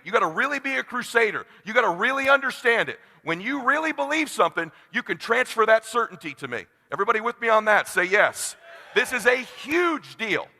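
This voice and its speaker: Forties male sales coach, high and raspy, tense delivery, shouts then hushes, big reverberant hall. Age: 40s. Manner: blunt, swings from hushed to shouting. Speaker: sales trainer. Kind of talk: motivational seminar speech.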